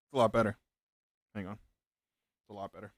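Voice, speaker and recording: A man's voice: lowish voice, fairly even intonation, moderate pace, no echo, clean studio sound. A man in young adulthood chatting casually with viewers while building a keyboard, laid-back and joking, laughing often. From United States.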